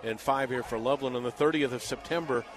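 A middle-aged man calling a high school football game live for radio from a packed outdoor stadium, building to shouts on big plays. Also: quick pace. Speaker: radio play-by-play announcer. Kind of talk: live sports play-by-play commentary.

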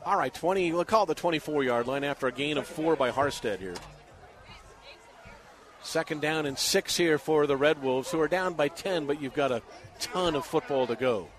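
Brief: middle-aged male radio play-by-play man, raised voice, swells to shouts on scoring plays, calling from the stands. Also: fairly high pitch, normal speed. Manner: excitable, builds to shouting on big plays. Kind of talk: live sports play-by-play commentary. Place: packed outdoor stadium, among the stands.

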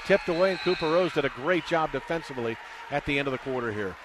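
Excitable man calling basketball on radio. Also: on the high side, noisy background. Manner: rapid, excitable, rises loudly on big shots. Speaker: play-by-play radio announcer.

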